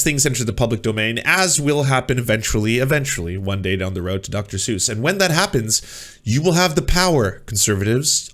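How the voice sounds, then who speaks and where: A man's voice: mid-range voice, fairly bright tone. A young man hosting a reaction commentary, sarcastic and mocking, building to exasperated emphasis. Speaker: commentary channel host.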